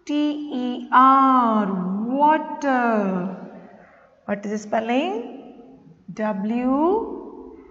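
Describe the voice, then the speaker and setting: Slow-spelling woman teacher, echoey room. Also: high voice. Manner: spells words letter by letter, repeats them. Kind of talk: slow spelling lesson for children. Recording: echoey room, dull lo-fi sound.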